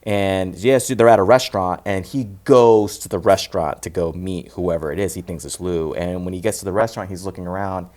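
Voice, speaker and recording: A man with a fairly low voice walks through a movie's plot in loose, casual chat. He rambles, restarts his sentences, and breaks into laughter often, like a co-host riffing with a friend. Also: fairly quick, hardly any pauses, darkish tone. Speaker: podcast co-host.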